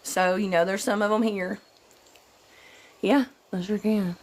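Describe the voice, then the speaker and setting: A woman's voice: medium pitch, fairly even intonation, darkish tone. Drowsy, chatty woman livestreaming. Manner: greets viewers by name, loose and chatty; slightly slow and drowsy, just woke up. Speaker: livestream host. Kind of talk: casual livestream chat.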